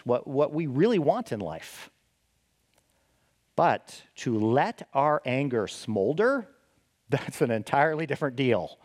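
Animated preacher man, lively pitch. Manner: animated, asks the listeners rhetorical questions; frequent restarts and "right?" tags. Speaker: pastor. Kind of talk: sermon.

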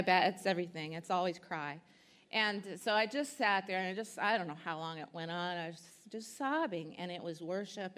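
A woman speaker at a church conference, telling an emotional testimony and teaching, earnest and halting with many fillers. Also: fairly low pitch, a bit bright.

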